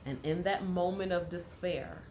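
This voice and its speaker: Low-voiced woman telling a personal story. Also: a little slow, a little mellow, a little hiss or hum. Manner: candid, conversational storytelling with emphatic repetition. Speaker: life coach.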